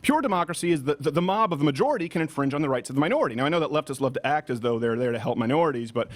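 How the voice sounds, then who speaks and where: Fast, mocking male commentary host. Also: fairly high pitch, expressive. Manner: mocking, emphatic, fast-talking. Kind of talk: opinionated rebuttal commentary.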